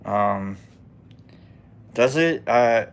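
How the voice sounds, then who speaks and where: The host of this mushroom-growing livestream speaks in a mid-range, clear, resonant voice. He's animated but talks very slowly, with a Nebraska accent. His casual, rambling chat is full of self-deprecating jokes, and he frequently drops into a mumble.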